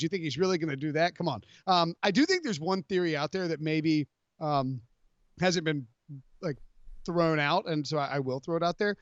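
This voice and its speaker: A man hosting a podcast, his voice sitting a bit high as he rambles in animated, jokey bursts full of restarts and fillers. The sound is dry and a touch dull, like plain podcast audio. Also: no room sound. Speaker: podcast host. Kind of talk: casual sports podcast chat.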